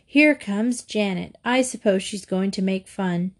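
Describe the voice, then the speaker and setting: A woman's voice: mid-range voice, measured pace, close to an everyday voice. A woman voicing a timid, fretful young girl in a storybook reading. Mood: worried.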